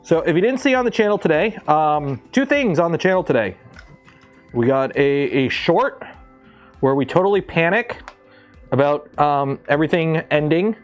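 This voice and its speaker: A man's voice: fairly high pitch, lively intonation, normal speed, soft background music. A man from Canada hosting a casual maker livestream, rambling and joking as he works, swearing now and then and talking to his machines in a home workshop. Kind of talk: casual livestream chat while building.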